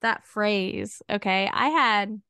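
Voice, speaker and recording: A woman's voice: medium pitch, slow pace, smooth, no room sound, studio quality. A woman from the United States co-hosting a podcast, chatting casually and making emphatic asides. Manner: animated and emphatic, asides with "okay?". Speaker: podcast co-host. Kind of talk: casual chat.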